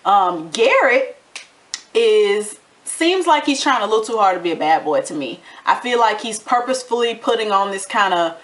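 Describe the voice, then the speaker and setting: A woman talks through a reality TV episode in a sassy, chatty way, now and then acting out lines from the people on the show. Her voice sits at a middle pitch. She sounds like a casual vlogger talking straight to her viewers. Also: normal speed. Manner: animated, sassy commentary with acted-out quotes. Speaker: TV recap vlogger.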